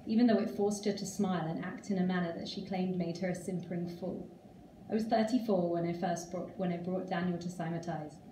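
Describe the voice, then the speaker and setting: Woman author reading fiction aloud, calm measured delivery, mellow lower voice, roomy far-off sound. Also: a little hiss or hum. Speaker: author reading her story. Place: reading event room. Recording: roomy, distant live reading.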